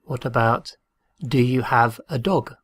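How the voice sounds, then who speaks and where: Male language teacher, slow and deliberate, mid-pitched, dry close sound, drills phrases and spells words aloud. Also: husky, no room sound. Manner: patient, repeats each phrase and spells words out. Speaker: Spanish teacher.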